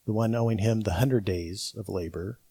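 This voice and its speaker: A man delivers a sermon with a husky, mellow voice. He leans on key words and repeats them for emphasis, building each point step by step. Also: on the low side, moderate pace. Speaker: preacher.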